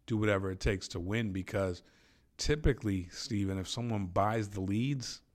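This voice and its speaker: A man's voice: lowish voice, normal speed. A man interviewing a guest in an easygoing, enthusiastic way, full of praise. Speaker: interviewer, sales trainer. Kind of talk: casual interview conversation.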